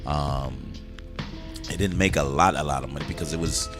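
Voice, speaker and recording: A man's voice: rumbling low, normal speed, over music. A man hosting a casual movie review chat, enthusiastically retelling scenes and swearing freely.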